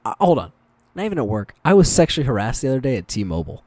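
He's a podcast co-host with a medium-pitched voice, firing off work stories rapidly in a loose, casual chat. Swearing is frequent, and he acts out people's words as he quotes them animatedly. No echo is audible.

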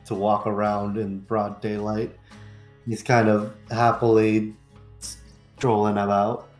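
A man's voice: lowish voice, little pitch movement, slow pace, a little mellow, echoey room, soft background music. A man playing a tabletop game, casually describing what his character does. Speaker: player. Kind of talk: casual tabletop role-play.

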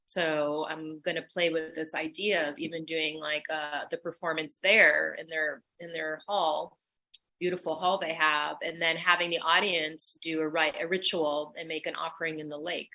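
A woman's voice: low voice, little pitch movement, normal speed, muffled recording. A woman who runs a dance company, a guest on a radio show, talking in an enthusiastic, playful way. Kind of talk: casual radio interview.

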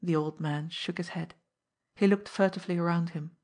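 A woman narrating an audiobook in a steady, measured way. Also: on the low side.

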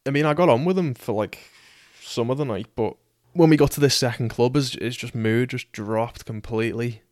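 A man's voice: mid-range voice, moderate pace, a little mellow, dry recording, studio quality. A man in his twenties with a British accent, telling a personal story casually, sweary and self-deprecating. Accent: British English. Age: 20s.

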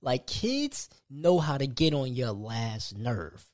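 A young man hosts a solo podcast, speaking slowly in a medium-pitched, sing-song voice with a darkish tone. The recording is clean studio sound with no echo, and his casual, conversational delivery often restarts sentences.

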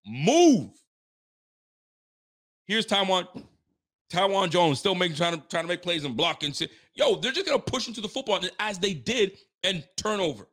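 Fired-up man ranting about his team. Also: fairly high pitch. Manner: animated, swears freely, repeats catchphrases. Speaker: sports fan livestream host. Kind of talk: casual fired-up sports commentary.

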